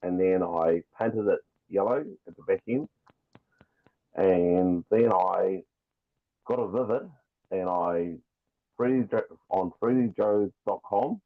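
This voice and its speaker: A rambling, jokey man with a New Zealand accent talks casually as a podcast guest. His voice sits on the low side. It comes through a thin, phone-like call connection. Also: measured pace. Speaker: guest toy customizer. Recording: tinny phone-like call line.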